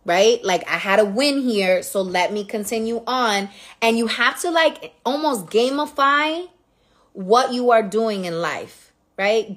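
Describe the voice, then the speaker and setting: This New York woman in her thirties hosts a casual livestream, speaking in a medium pitch with a New York accent. She tells her viewers a story directly, candid, profane and animated.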